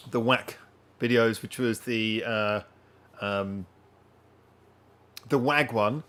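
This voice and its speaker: A man's voice: mid-range voice, smooth. Guy rambling on his live stream at home, chatting right at the viewers. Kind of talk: casual live-stream chat. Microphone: wearing headphones.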